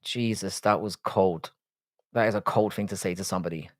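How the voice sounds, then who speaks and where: A man's voice: deep voice, a little fast. Blunt Irish man streaming live. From Ireland. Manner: blunt, swears freely, self-deprecating. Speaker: livestream host. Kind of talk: casual live-stream chat reading viewer comments.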